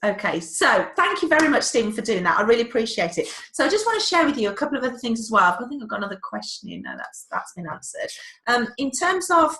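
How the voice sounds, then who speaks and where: A woman's voice: a little high, huge pitch swings, fast talker, bright, forceful tone, roomy sound. Chatty woman hosting a webinar. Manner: chatty, flustered by the tech. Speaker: webinar host. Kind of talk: live webinar talk.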